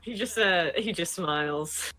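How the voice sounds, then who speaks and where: A woman's voice: on the low side, unhurried, sharp tone. A woman playing a tabletop role-playing game, chatting casually and protesting playfully. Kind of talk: casual role-play chat.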